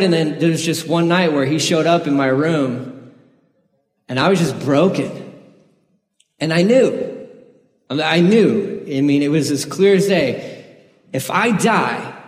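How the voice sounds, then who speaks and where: A man preaching a sermon in an earnest, conversational way, sharing his own story with the congregation. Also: on the high side. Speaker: pastor. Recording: echoey hall with long reverb.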